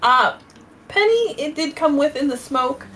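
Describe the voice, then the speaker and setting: A woman's voice: high-pitched, lively intonation, unhurried, a bit bright, a little hiss or hum. A woman narrating as game master of a tabletop game, casual and full of fillers.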